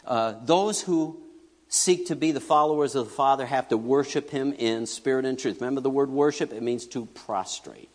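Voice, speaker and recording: A middle-aged man preaching a conversational sermon, animated and joking, swinging between loud bursts and hushed asides. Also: medium pitch, normal speed. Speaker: pastor. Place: church sanctuary. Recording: long reverb of a large church hall.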